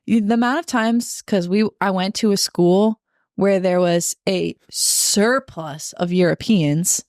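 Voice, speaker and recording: A young woman from Michigan co-hosting a podcast in casual chat, chatty and giggly, talking in quick bursts. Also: mid-range voice, darkish tone, dry recording, clean studio sound. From Michigan, United States. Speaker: podcast co-host.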